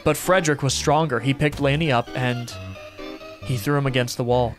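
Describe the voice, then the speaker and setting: Male streamer, mid-pitched voice, reading a horror game's story aloud, game music playing underneath. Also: normal speed. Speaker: gaming streamer.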